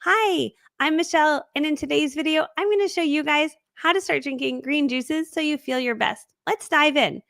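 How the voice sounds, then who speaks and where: A syrupy, scripted host voice, slow and airheaded, as a woman mocks it. It sits higher than a normal speaking voice and is very dry and close. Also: gravelly, a bit bright, no echo. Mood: saccharine. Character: overly sweet scripted female video host.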